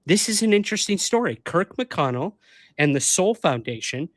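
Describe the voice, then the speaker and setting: A man's voice: sits high, expressive, normal speed, a bit bright, no echo. Man, live-stream co-host, casual chat, self-deprecating, reads news aloud, dry close sound. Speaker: podcast co-host.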